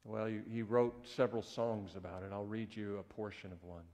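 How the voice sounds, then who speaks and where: A man's voice: lowish voice, fairly even intonation, a little fast, a little mellow. A man who is a pastor, telling a story in a conversational, folksy sermon in a church. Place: church sanctuary. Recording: echoey church hall.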